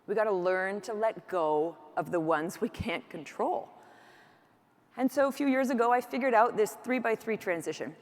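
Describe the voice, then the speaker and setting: A middle-aged woman, an emergency physician, giving a candid, animated conference keynote speech with personal asides. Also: mid-range voice, normal speed. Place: large conference hall. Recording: echoey conference hall.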